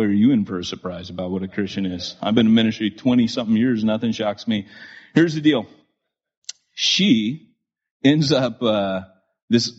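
A pastor in his forties, a man, telling stories from his ministry to a live church audience, animated and full of restarts and asides. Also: lowish voice, husky. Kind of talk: storytelling sermon to a live audience. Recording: dull lo-fi recording.

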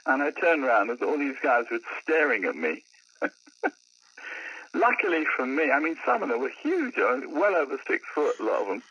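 Older man, lively husky storyteller, podcast guest, lo-fi dry sound. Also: fairly high pitch, moderate pace, no room sound. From London. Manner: animated raconteur. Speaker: podcast guest, musician and comedian. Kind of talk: anecdotal storytelling in casual chat.

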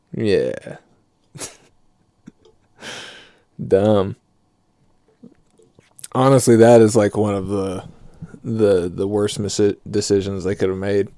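Young guy, slow and low, rambling comic who swears constantly and cracks himself up. Dry, close sound. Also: mellow, no echo. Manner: profane, riffing, laughs at his own jokes. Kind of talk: rambling comedic monologue.

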